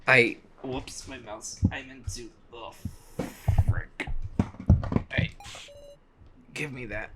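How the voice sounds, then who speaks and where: A young man playing a video game and commenting casually, swinging from frantic yelling to quiet muttering and reading the game's lines aloud. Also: medium pitch, slow pace, long pauses, heavy background noise. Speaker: let's play gamer.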